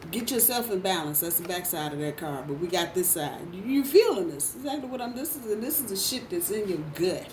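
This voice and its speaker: A woman's voice: mid-range voice, lively intonation, a little fast, hardly any pauses, a little mellow. A woman giving a casual tarot reading in a blunt, profane way, repeating phrases for emphasis. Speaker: tarot reader. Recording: roomy, distant mic, faint background noise.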